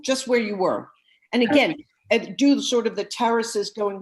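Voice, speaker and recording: A woman's voice: a little high, animated, moderate pace. A woman voice coach giving masterclass feedback, gushing over the singing and singing bits of the lyrics as she explains. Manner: effusive, sings snippets of the lyrics while explaining.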